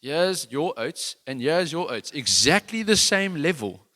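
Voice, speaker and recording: A man's voice: fairly high pitch, very animated, measured pace, pushed and bright. A man preaching a sermon in an earnest, conversational, self-deprecating way, with many restarts. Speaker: worship leader giving a sermon.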